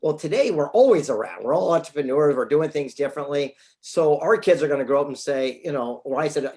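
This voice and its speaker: A man in his fifties from California, a guest telling lively stories and acting out quoted lines. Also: on the high side, quick pace, hardly any pauses. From San Diego, California. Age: 50s. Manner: animated, acts out quoted dialogue. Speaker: podcast guest, author. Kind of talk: casual storytelling interview.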